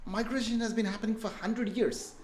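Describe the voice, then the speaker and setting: A man's voice: high-pitched, fairly even intonation, a little fast. A man from India, speaking as a podcast guest and giving earnest, emphatic advice. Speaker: guest entrepreneur. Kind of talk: podcast conversation. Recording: echoey room.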